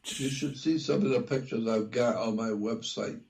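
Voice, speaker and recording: An older man talking in an interview, slow and repetitive, lecturing as he explains. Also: mid-range voice, creaky, a little mellow, a little hiss or hum, rough recording. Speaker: guest researcher. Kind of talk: conversational interview.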